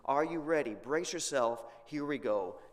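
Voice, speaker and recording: A man's voice: animated, unhurried, big-room sound, close to an everyday voice. A man voicing a sarcastic almighty God. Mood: challenging. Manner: booming rhetorical questions. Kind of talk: sermon role-play.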